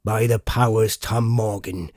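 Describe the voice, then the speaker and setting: A cunning one-legged sea cook , put on by a male narrator, growls his lines in slow, emphatic pirate talk. The voice sits low and swings widely, with a husky edge. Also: very animated, a little mellow, no room sound, studio quality, full character voice. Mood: gruff, commanding.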